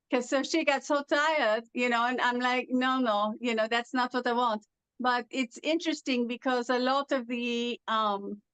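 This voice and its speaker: Woman w foreign-sounding accent from accent syndrome, high smooth voice, lots of uh's. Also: fairly bright tone, no echo, low-quality recording. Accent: foreign accent syndrome, heard as European. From California, USA. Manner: storytelling with many fillers. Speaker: guest. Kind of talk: interview about her condition.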